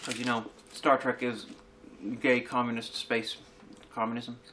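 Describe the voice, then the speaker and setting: Deadpan man joking in casual chat. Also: medium pitch, a little slow, slight background noise, rough recording. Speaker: video host.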